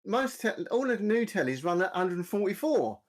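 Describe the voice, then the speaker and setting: A man's voice: sits high, sing-song, fairly quick. Blunt grumbling man. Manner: blunt, grumbling, swears freely. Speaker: podcast co-host. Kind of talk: casual chat.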